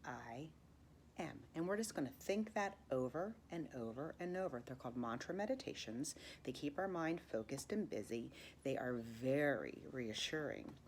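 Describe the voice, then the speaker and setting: A woman teaching meditation, counting breaths and guiding a mantra, often dropping into soft whispers. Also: a bass voice, expressive, normal speed, a little hiss or hum. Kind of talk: guided meditation lesson.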